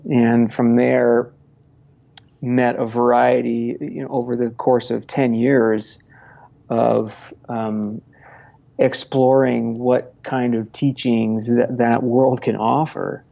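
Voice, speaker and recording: A man's voice: mid-range voice, flat delivery, slow, creaky, mellow, highs cut off. A man in his thirties from Montana, a podcast guest talking casually, rambling with many restarts and frequent laughs. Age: 30s. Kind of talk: casual conversational interview.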